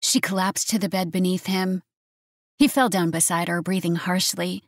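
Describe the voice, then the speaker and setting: A woman narrating a romance audiobook in a steady, even reading voice. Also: on the low side, moderate pace, no room sound, clean studio sound.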